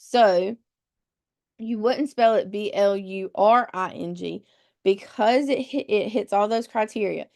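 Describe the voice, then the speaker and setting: A woman's voice: mid-range voice, measured pace, vocal fry, a little mellow. Woman teaching spelling in a webinar. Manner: patient, explains step by step, spells words out letter by letter. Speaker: test-prep instructor.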